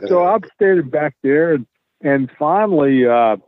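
A man, a guest telling an animated story and acting out the dialogue. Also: on the high side, measured pace, no room sound. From Tennessee, US. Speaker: guest, wrestler. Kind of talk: casual storytelling. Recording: tinny phone-like line.

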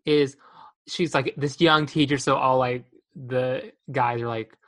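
A young woman co-hosting a casual podcast, retelling movie scenes with animated, acted-out quotes. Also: extremely low pitch, slow pace. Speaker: podcast co-host. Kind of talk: casual chat reviewing a movie.

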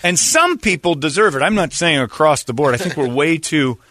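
A man's voice: on the high side, brisk, no room sound. A man from Indiana hosting a radio show, telling stories in casual banter and acting out the quotes. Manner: animated storyteller, acts out quotes.

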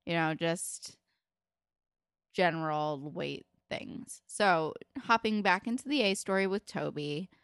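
A woman with a fairly low, smooth voice chats loosely about a show, full of "like" and casual swearing. The sound is close and dry, with no room around it. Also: slow, fairly bright tone, no echo. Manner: candid and sweary, lots of "like". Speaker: podcast co-host. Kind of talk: casual chat recapping a TV episode.

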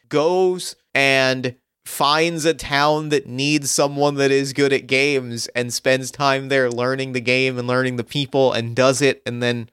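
A man's voice: mid-range voice, a bit bright, smooth, dry recording, clean studio sound. A man in casual chat, thinking aloud and building on ideas with lots of "like" fillers.

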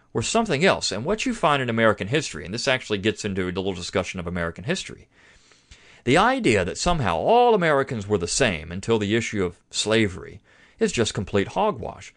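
A man hosting a history podcast, lecturing conversationally as a teacher would, with frequent fillers and restarts. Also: medium pitch.

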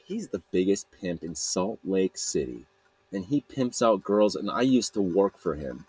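A man's voice: low voice, big pitch swings, a little slow, darkish tone, husky, no room sound, heavily acted. A man quoting a blunt woman from a camp.

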